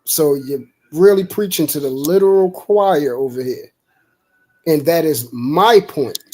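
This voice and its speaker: A man with a fairly high, unhurried and slightly mellow voice hosts a live stream podcast, debating heatedly and preaching with emphasis. He acts out voices when retelling stories and quotes God in a raised voice. The audio quality is poor.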